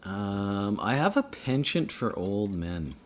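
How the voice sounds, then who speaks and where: A man talking slowly and hesitantly as a guest on a casual podcast chat. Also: on the low side, big pitch swings, slight background noise. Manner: halting, hesitant, many restarts. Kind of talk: casual fantasy hockey chat.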